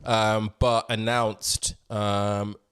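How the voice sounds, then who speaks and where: A man co-hosting a podcast in a room, in casual, relaxed chat with many hesitations and casual swearing. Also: lowish voice, very slow, clear, resonant tone, no room sound, clean studio sound. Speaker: podcast co-host. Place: indoor room.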